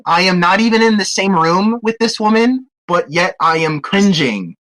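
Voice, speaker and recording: A man's voice: high-pitched, animated, moderate pace, fairly bright tone. A man co-hosting a movie podcast, squeamish and exasperated as he complains through comic banter. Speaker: podcast co-host.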